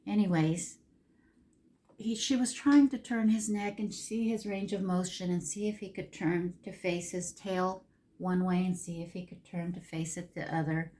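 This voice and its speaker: A woman's voice: fairly low pitch, steady tone, moderate pace, dark tone. A middle-aged woman chatting casually while doing her makeup, telling a long rambling story with emotional ups and downs. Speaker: makeup vlogger.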